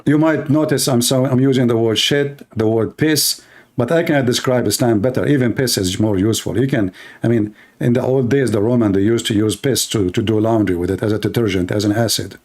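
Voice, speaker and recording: A man hosting, giving heated commentary on a clip, blunt and scornful and quick to insult. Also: mid-range voice, a little mellow. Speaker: host commenting on a video clip.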